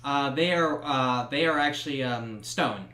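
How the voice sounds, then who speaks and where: A man running a horror tabletop game as game master, narrating in a relaxed, hesitant way full of ums and uhs. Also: medium pitch, a little slow, reverberant, a little hiss or hum.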